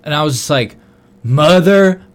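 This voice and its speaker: Young man, casual storyteller, animated, frequent swearing, loud outbursts. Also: mid-range voice, quick pace. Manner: animated, swears a lot, loud bursts when quoting himself. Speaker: podcast co-host.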